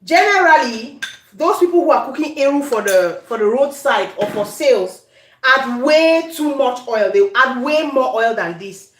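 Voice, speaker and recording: Cameroonian-accented woman, high voice, chatty cooking host, echoey home kitchen. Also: lively intonation, normal speed. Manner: chatty, addresses viewers, breaks into Pidgin. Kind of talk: casual cooking demonstration.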